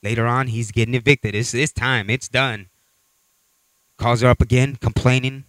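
A man's voice: medium pitch, steady tone, moderate pace, fairly bright tone, no echo, poor audio. A man pastor preaching a sermon, telling a story with repeated phrases and building to exhortation.

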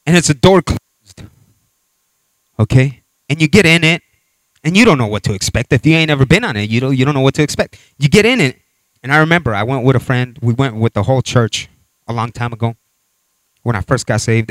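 A man preaching a sermon with animated storytelling, acting out voices and scenes as he talks. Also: medium pitch, no room sound.

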